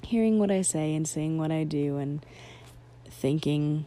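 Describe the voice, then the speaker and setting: A woman's voice: deep voice, sing-song, unhurried, mellow. A young adult woman hosting a podcast, rambling from topic to topic in a self-deprecating comedic monologue with giggly asides. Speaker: podcast host.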